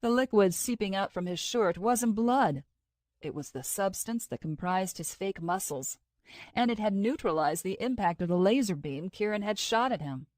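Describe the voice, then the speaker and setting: A woman narrates an audiobook in a steady, even storytelling voice. Her pitch sits in the middle range, and the recording is dry and close with no room echo. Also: moderate pace. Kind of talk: scripted narration.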